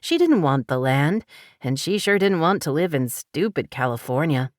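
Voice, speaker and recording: A woman narrating an audiobook in an expressive, lively reading style. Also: low-pitched, moderate pace, dry recording, studio quality. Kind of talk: scripted narration.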